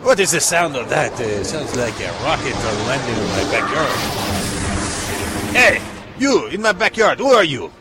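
A man's voice: mid-range voice, very animated, moderate pace, over loud music, lightly acted. A man voicing an arrogant, snotty French villager in a snooty, theatrical way for improv comedy.

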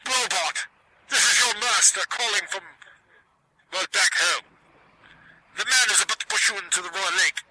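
A man's voice: high-pitched, moderate pace, pauses often, bright, forceful tone, slightly rough, heavily acted. A man voicing a scheming master who calls urgently to his robot from far away, in an improv comedy scene.

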